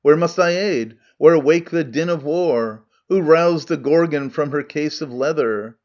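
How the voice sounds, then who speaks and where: A man's voice: fairly high pitch, unhurried, darkish tone, dull audio. A man voicing a boastful, pompous male warrior general who speaks in bombastic verse.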